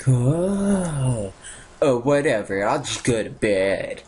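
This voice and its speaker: A young man giving casual, sarcastic commentary while playing a game, swearing often and reacting out loud. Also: mid-range voice, very animated, takes it slowly, breathy edge. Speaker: gaming YouTuber. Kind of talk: casual let's-play commentary.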